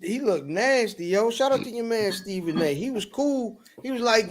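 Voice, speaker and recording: A man's voice: high-pitched, animated, normal speed, few pauses, slight background noise. A man co-hosting a podcast in casual sports chat, loose and slangy, laughing often. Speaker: podcast co-host.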